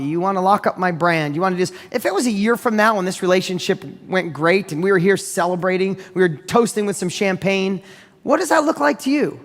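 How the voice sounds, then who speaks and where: Man, motivational business talk, emphatic, repeats phrases, high voice, long reverb. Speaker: business speaker.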